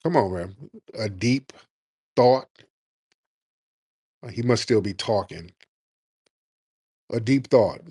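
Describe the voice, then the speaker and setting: A man's voice: on the low side, takes it slowly, pauses often, darkish tone, slightly rough, no room sound, studio quality. A man hosting a call-in show, brash and profane, mocking callers with frequent laughter. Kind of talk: casual call-in radio talk.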